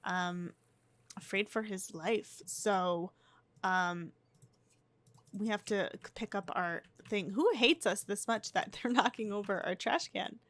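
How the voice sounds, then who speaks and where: A woman's voice: mid-range voice, slow pace, fairly bright tone, no room sound. A young woman giving casual, chatty gameplay commentary, often restarting and gasping. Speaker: life-sim gameplay narrator. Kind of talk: casual let's-play commentary.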